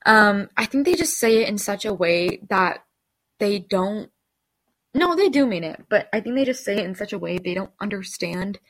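A woman's voice: medium pitch, animated, moderate pace, a bit bright, no room sound, poor audio. Chatty woman telling a story. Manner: chatty, full of "like" and "okay?". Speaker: podcast host. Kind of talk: casual storytelling.

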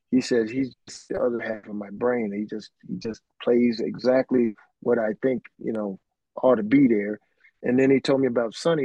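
A man's voice: mid-range voice, dark tone, no echo, lo-fi sound. A middle-aged man, a keyboardist guest telling rambling anecdotes full of restarts and "man". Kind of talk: casual storytelling.

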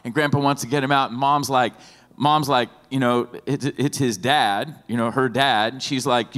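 A man preaching a sermon as pastor in an animated, lively way, often acting out the voices of the people in his stories. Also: medium pitch, moderate pace. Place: church sanctuary. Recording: long hall reverb with faint music.

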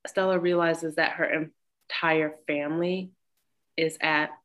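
A woman's voice: deep voice, steady tone, measured pace, a bit bright. A woman co-hosting a casual chat, blunt and swearing freely as she recaps a story.

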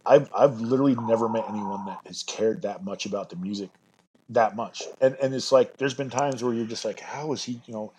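A man's voice: on the low side, brisk, background noise. A man talking as a bagpiper guest in a casual podcast chat, earnest and rambling with enthusiasm.

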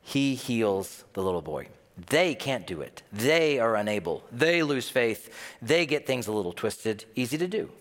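A male pastor preaching with a lively, swinging delivery, telling stories and slipping into the voices of the people he quotes. His voice sits at a medium pitch. A long reverb trails off in a large hall. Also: measured pace. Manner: animated storytelling, acting out quoted voices. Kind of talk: sermon.

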